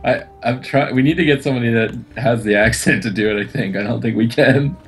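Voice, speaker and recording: A man from Canada co-casting an online tournament, talking in a relaxed, reflective way and saying "like" a lot. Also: medium pitch, quick pace, husky, faint music behind. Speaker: co-caster. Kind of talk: casual esports co-commentary.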